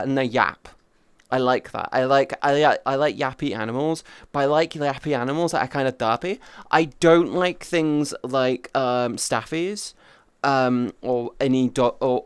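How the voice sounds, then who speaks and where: A man's voice: medium pitch, clean tone, no room sound. A young man streaming as a VTuber, chatting casually with his viewers in a rambling, playful way and swearing now and then. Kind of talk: casual livestream chat. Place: indoors at home.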